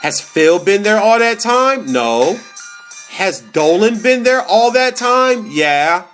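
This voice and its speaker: A man hosting a comedy podcast, delivering a casual, animated sports rant full of slang and repeated phrases for emphasis. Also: sits high, slow, faint music behind.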